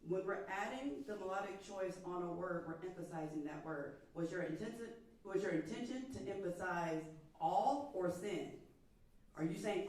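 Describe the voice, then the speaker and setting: A somewhat low, slightly mellow female voice at a moderate pace belongs to a vocal coach running a masterclass. She's encouraging, speaks over the singer, and sings phrases to illustrate her points, all captured by a distant mic in an echoing hall.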